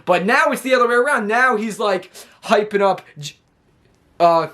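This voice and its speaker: A man's voice: high voice, normal speed, sharp tone. A man casually recapping a wrestling show, rambling with lots of fillers and restarts.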